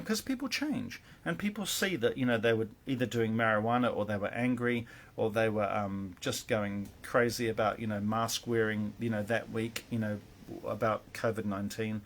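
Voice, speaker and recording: A man's voice: on the low side, normal speed. A man, a spiritual teacher, giving earnest, rambling advice in a casual monologue full of fillers and restarts.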